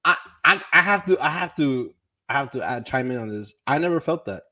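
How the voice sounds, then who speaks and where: A man's voice: mid-range voice, lively intonation, fairly quick, sharp tone. A man who is a teacher, talking as a podcast guest in earnest, casual chat, repeating words and saying "dude".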